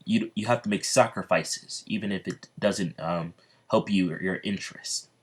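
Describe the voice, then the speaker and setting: A brash young male hero read by a man lays down the law to his friends. The voice is deep and low, delivered firmly without much character put on. Casual fan storytelling. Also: moderate pace, breathy edge.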